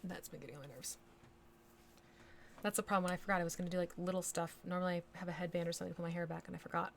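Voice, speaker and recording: A woman's voice: fairly low pitch, fairly even intonation, racing, gravelly, a little hiss or hum. A woman from the States hosting a miniature painting livestream, chatting casually and thinking aloud as she works, with little hummed nonsense syllables. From United States. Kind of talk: casual chat while painting live.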